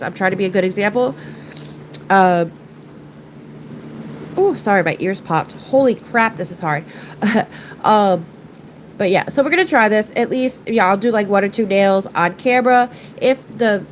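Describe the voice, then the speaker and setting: Woman live-stream host, congested and nasal, chatty and apologetic, middle pitch. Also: a little hiss or hum, rough recording. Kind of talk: casual live-stream chat.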